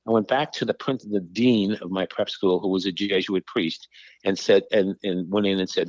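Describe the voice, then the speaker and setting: An older man from New York, a podcast guest telling his life story in conversation, animated and acting out the dialogue. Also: low voice, brisk, no echo. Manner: animated storyteller, acts out dialogue, frequent restarts. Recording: slightly dull, dry recording.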